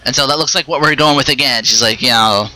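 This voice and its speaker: A man hosting a casual solo podcast, rambling and restarting his sentences, with quick asides while he plays a game. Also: mid-range voice, bright, forceful tone, low-quality recording. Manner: rambling, stops and restarts mid-thought; chatty, with short asides while playing a video game. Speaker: podcast host.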